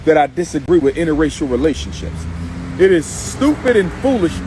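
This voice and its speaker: A man's voice: on the high side, big pitch swings, fairly quick, background noise. A man giving an emphatic, repetitive, preacher-like live video monologue, speaking from in or near a car outdoors. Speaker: activist livestreamer.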